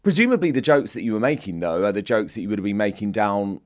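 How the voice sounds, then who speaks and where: A man's voice: fairly low pitch, very animated, fast talker, no room sound. A man hosting an interview show, speaking emphatically and opinionatedly into a close mic, often seeking agreement. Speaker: show host.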